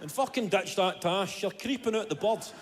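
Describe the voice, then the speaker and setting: A man's voice: sits high, expressive, moderate pace, long reverb tail, very noisy. Man doing a sweary, blunt drinking pal. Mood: teasing.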